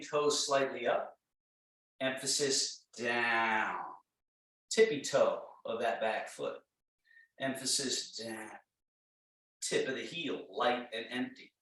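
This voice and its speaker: A man leads a tai chi class and gives his cues slowly and calmly, often repeating the same short phrases. His voice carries a strong, roomy echo, and he sounds some distance from the microphone. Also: mid-range voice. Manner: calm, slow, repetitive cueing. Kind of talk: guided exercise class instruction. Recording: very echoey room, mic far off.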